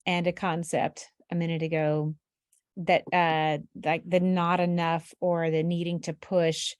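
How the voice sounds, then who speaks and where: A woman interviewer with a fairly low voice asks long, thoughtful questions at a very slow pace. Her words come haltingly, with fillers, and the sound is dry and close. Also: flat delivery, smooth, dry recording. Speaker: interview host.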